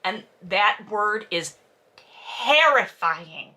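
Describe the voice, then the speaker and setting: A woman's voice: medium pitch, expressive, drawn-out words, pushed and bright. A woman hosting a casual commentary where she reads and roasts a novel, speaking with a lisp and a stutter in a sarcastic, profane, exasperated way. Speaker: host reading and roasting a novel.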